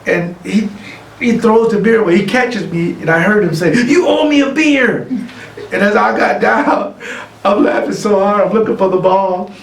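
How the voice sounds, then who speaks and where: A middle-aged man giving an award acceptance speech, telling a lively anecdote. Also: sits high, moderate pace, creaky. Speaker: award recipient and guest speaker. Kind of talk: storytelling speech. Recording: echoey room from far off, faint ambience.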